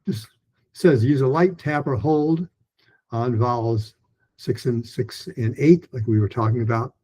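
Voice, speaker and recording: A man teaching pronunciation in a recorded lesson, chatty and full of restarts, who breaks into lively, higher-pitched drills of practice sentences. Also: muffled recording. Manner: chatty, with many restarts and fillers.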